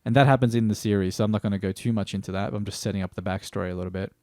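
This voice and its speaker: A man's voice: lowish voice, fairly even intonation, rapid-fire, a little mellow, no room sound, clean studio sound. A man reviewing a TV series in a rambling, stream-of-consciousness way, swearing casually and often restarting sentences. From Australia.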